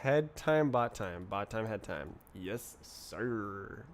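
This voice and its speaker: A man's voice: fairly low pitch, animated, measured pace, a little hiss or hum. A man streaming live while he programs, muttering to himself and tossing in playful nonsense words. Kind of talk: thinking aloud while programming.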